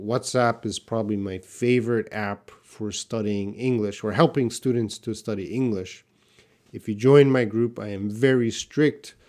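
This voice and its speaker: A man's voice: medium pitch, warm tone. Male English teacher, patient explainer, live Q&A. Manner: patient, explanatory, repeats words slowly for learners. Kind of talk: live Q&A class, reading viewer questions.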